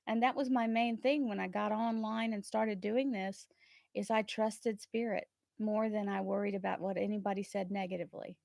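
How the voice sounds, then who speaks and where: A woman hosting a tarot livestream, talking earnestly and warmly about trust and spirit, often laughing between thoughts. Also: mid-range voice, little pitch movement, normal speed, vocal fry, no room sound, clean studio sound. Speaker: tarot reader and channel host. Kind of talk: casual livestream chat.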